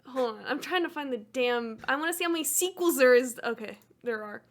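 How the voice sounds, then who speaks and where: A young woman co-hosting a podcast, chatty and quick with asides, laughing often. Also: sits high, lively intonation. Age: young adult. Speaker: podcast co-host. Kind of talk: casual chat.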